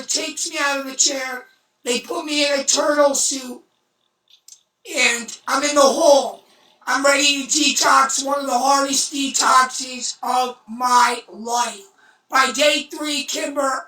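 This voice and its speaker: A woman telling a story on a phone livestream, blunt and intense, swearing and breaking into shouts. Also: high voice. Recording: roomy echo, far from mic.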